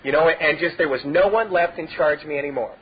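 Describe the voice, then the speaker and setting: A middle-aged man with a high, husky voice tells his own story at a recovery meeting, rambling through it with a steady stream of "you know" fillers. The recording is dull and lo-fi, like an old tape. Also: quick pace. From Southern California. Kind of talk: personal testimony talk. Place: meeting hall.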